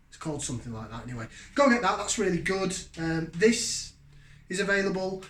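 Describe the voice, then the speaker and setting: A man's voice: high-pitched, big pitch swings, brisk, a bit bright. A man, hosting a casual beer review in a rambling, self-deprecating way. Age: 40s. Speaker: beer reviewer, channel host. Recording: echoey room.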